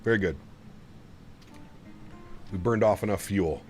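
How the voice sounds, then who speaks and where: A man's voice: lowish voice, unhurried, darkish tone, soft background music. A man streaming a flight simulator, chatting casually with his viewers in a rambling, easygoing way and laughing often. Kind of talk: casual livestream chat.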